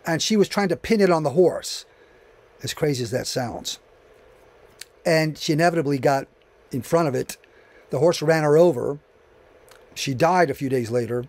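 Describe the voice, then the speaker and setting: A man's voice: a little high, moderate pace, pauses often, a little mellow. A man giving a history lecture, reading passages aloud and breaking off for conversational asides. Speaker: channel host.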